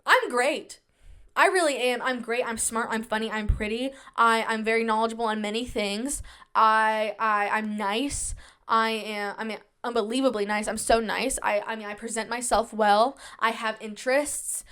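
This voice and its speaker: A woman's voice: on the high side, steady tone, moderate pace, a bit bright, smooth. A young woman hosting her own podcast, talking casually and at length, full of fillers and self-reassurance, shy and introverted by her own account. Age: young adult. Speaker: podcast host. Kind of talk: casual solo podcast chat.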